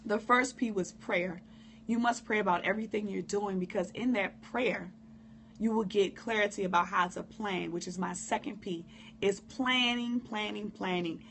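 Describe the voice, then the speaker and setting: A hoarse woman who coughs now and then, giving a candid, informal live-stream talk on prayer and speaking straight to her viewers. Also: medium pitch, fairly even intonation, normal speed, a bit bright, slight background noise. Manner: candid, informal, preacherly direct address. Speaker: motivational speaker.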